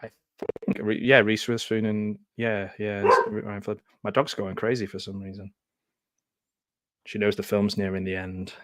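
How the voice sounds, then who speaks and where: A man's voice: lowish voice, flat delivery, normal speed, no room sound, clean studio sound. A man hosting a casual live film commentary from home, chatty and often laughing. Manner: chatty, laughs often, loose aside-filled talk. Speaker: host.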